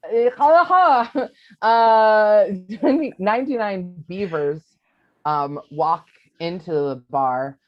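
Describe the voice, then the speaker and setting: Slow, halting woman on a dull line. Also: medium pitch. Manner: hesitant, halting joke telling. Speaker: improv player. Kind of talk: live improv comedy.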